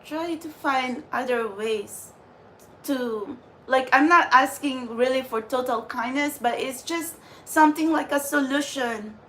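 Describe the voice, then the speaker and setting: A woman's voice: high-pitched, a little slow, fairly bright tone, slight background noise. A woman who channels spirit messages, ranting angrily on her vlog with swearing and lots of "like". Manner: ranting with profanity and repeated "like". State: angry. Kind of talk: unscripted angry vlog rant.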